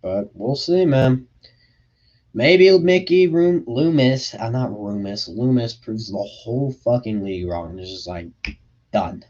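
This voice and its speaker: A man's voice: fairly low pitch, measured pace, warm tone, highs cut off. A young man hosting a casual livestream Q&A from his bedroom, reading out chat questions and talking freely with plenty of swearing. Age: young adult. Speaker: livestream host.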